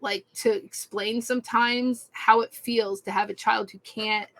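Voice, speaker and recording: Bright-voiced woman, frank podcast co-host. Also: on the high side, fairly even intonation, a little slow, low-quality recording. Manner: frank, filler-heavy, lots of "like". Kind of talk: casual chat.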